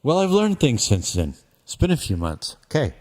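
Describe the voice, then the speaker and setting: A man's voice: mid-range voice, wildly swooping pitch, normal speed, darkish tone. A man talking casually through his mixing session on a live stream, rambling and thinking aloud with a self-deprecating streak. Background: faint music playback from his mix.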